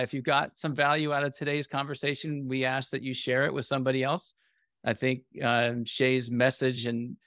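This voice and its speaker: A man hosting a podcast interview, speaking in a measured, appreciative way with some fillers. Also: mid-range voice, a bit bright, smooth, no echo, studio quality. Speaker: podcast host.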